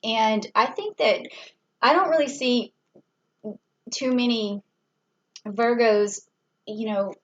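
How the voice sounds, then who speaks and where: A woman's voice: on the high side, slow pace, pauses often, muffled recording. A woman giving a casual tarot reading, talking it through in a chatty way with fillers and small laughs. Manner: chatty, thinks aloud with fillers and little laughs. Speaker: tarot reader.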